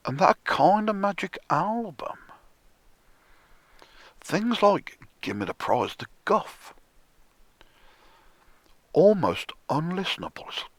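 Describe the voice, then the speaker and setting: A man rants in a slow, sardonic drawl, his husky voice sitting fairly high and swinging widely in pitch. He swears freely and keeps slipping into a whisper, recorded close and dry. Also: sing-song, no room sound. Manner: sardonic, profane, slow and drawn out, often dropping to a whisper. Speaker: music commentator. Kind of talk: ranting monologue.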